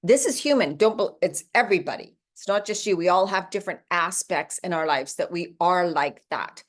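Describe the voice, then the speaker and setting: A woman's voice: on the low side, expressive, moderate pace. A woman in her sixties giving a casual, encouraging morning talk. She chats conversationally and acts out quoted inner voices. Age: 60s.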